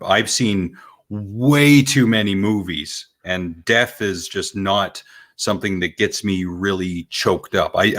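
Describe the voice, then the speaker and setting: A man co-hosting a podcast, chatting casually in a calm, dry, measured way. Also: fairly low pitch. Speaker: podcast co-host. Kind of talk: casual chat.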